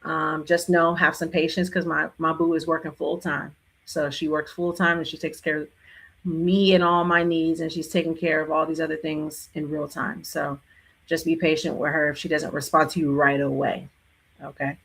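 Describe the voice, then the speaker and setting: A woman hosting a casual live Q&A, talking warmly and affectionately to her viewers. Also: deep voice, level tone, normal speed, husky. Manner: affectionate, repeats loving farewells. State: tearful near the end. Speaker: livestream host.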